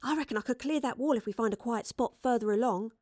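A wary young woman, high and hushed, doubting every plan, as a woman voices her. Her tone is sharp and skeptical, in a dry, close recording. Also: fast, dry recording, natural voice.

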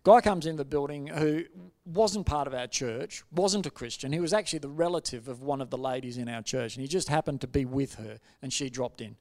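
A middle-aged man, preaching a sermon and telling stories with lively, acted-out quotes. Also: mid-range voice, fairly quick, few pauses. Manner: animated storytelling, acts out quoted voices. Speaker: pastor.

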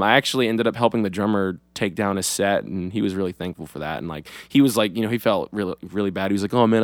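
A man's voice: mid-range voice, clear, resonant tone, dry recording. A young man casually co-hosting a podcast, telling a story in a rambling way with many fillers and swearing freely. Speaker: podcast co-host. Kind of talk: casual chat.

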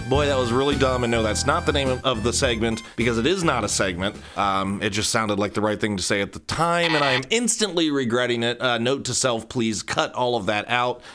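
A man from central Ohio hosting his own podcast, rambling through a casual solo monologue full of self-mocking, jokey asides. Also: medium pitch. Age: adult. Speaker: podcast host.

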